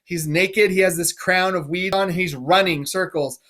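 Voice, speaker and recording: A man's voice: sits high, fairly even intonation, normal speed, a bit bright. A male teacher giving a chatty, enthusiastic explanation of a play to his class. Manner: chatty, enthusiastic, asks "right?".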